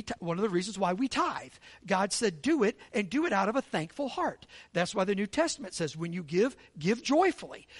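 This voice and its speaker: A man's voice: high-pitched, fairly bright tone, slightly rough. A male pastor delivering a sermon in an easy, conversational tone. He keeps asking the congregation for agreement and speeds up on his asides. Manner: conversational, asks the congregation for agreement with repeated "right?".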